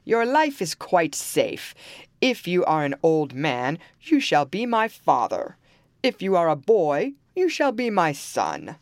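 A woman voicing a huge man-eating male ogre in a storybook reading, booming out each line loudly and slowly. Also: dry recording, clean studio sound. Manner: loud slow booming delivery.

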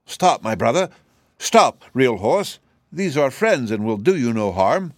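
A man's voice: medium pitch, lively intonation, moderate pace, dry recording, studio quality, natural voice. A man voicing a living wooden sawhorse, earnest and simple, sometimes hesitant. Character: wooden male sawhorse, proud yet meek.

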